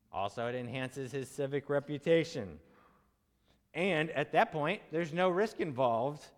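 A man's voice: on the high side, in a large hall. A man preaching an expository sermon in a conversational way, asking his listeners questions and acting out quotes in casual voices.

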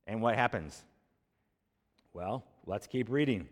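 Conversational preacher, long hall reverb. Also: male voice, on the low side, animated, takes it slowly. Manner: conversational, asks rhetorical questions, then answers them. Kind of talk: expository sermon with scripture reading.

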